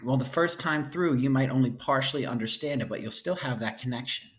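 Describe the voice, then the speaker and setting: In a relaxed, conversational lecture, a male teacher with a mid-range voice briskly walks his class through a textbook chapter. He's chatty and playful, gets enthusiastic about cute pictures, and checks in after nearly every point with "right?" and "okay?".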